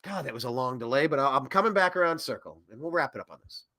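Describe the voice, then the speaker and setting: A man hosting a political commentary show, ranting in an animated way that swings between loud and soft. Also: mid-range voice, fast, no echo, studio quality. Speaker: host.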